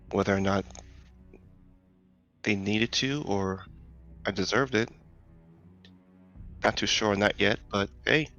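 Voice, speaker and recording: A man speaking in character in an online tabletop game, in a reflective, measured way. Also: on the low side, gravelly, fairly bright tone. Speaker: player. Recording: slightly muffled audio with faint music.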